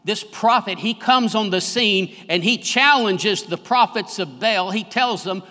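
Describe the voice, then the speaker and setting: A man preaching a fervent sermon as pastor, swelling louder on his key phrases. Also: high voice, moderate pace, hardly any pauses. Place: church sanctuary. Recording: long reverb of a large hall.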